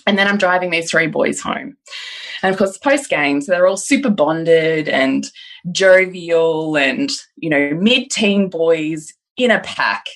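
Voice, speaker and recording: A middle-aged woman, co-hosting a podcast and telling a story in an animated, laughing way. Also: sits low, unhurried. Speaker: podcast co-host. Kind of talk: casual chat, storytelling.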